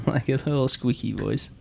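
A man with a Midwestern American accent hosts a casual podcast, gently prompting his young son and chuckling often. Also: medium pitch, unhurried, gravelly, slight background noise. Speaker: podcast host.

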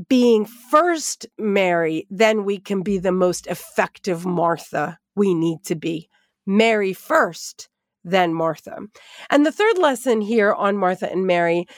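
A woman Bible teacher telling a lively personal story as she leads into a devotional lesson. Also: on the high side, no room sound, studio quality. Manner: animated, expressive storytelling with asides.

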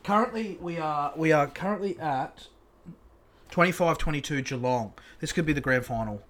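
A man's voice: a little high, moderate pace, a bit bright. Blunt Australian man telling a story. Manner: blunt, profane, laid-back storyteller. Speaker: podcast host. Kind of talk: casual chat and storytelling.

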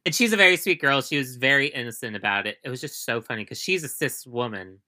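Woman, podcast guest, casual rambling chat, animated, swears a lot, bright tone. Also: very deep voice, quick pace.

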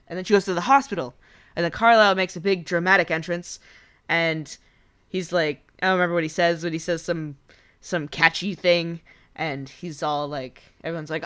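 Woman, casual movie recap, smooth clear voice, a bit low, playful. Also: steady tone, moderate pace, fairly bright tone. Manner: chatty, playful, acts out quotes in voices.

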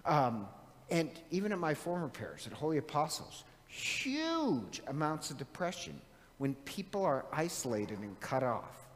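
A middle-aged man preaching a conversational sermon as a priest, animated and chatty, often asking his listeners questions. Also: fairly high pitch, unhurried. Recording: long reverb of a large hall.

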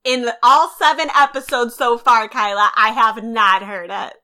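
A woman's voice: on the high side, steady tone, moderate pace, pushed and bright. A woman co-hosting a podcast, wryly retelling scenes in casual recap chat. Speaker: podcast co-host.

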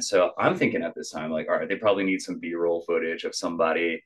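A man's voice: low-pitched, fast, hardly any pauses. A young adult man, a musician guest on a podcast, telling a story in casual chat, acting out quotes with lots of "like" fillers. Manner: animated, acts out quotes, many "like" fillers.

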